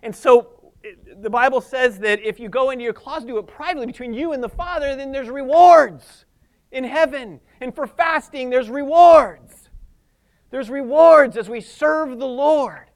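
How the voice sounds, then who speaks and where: A pastor preaching a fervent sermon, calling out Hallelujahs and Amens and now and then laughing at himself. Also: male voice, very high voice.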